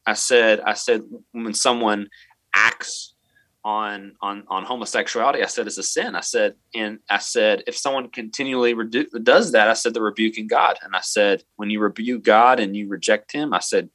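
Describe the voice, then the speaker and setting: A man tells a story from his teaching life in an earnest, halting way, often restarting his sentences. His voice sits a little low but sounds bright and forceful. The recording is dry and close. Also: no room sound. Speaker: middle school math teacher, interview guest. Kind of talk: storytelling in a podcast interview.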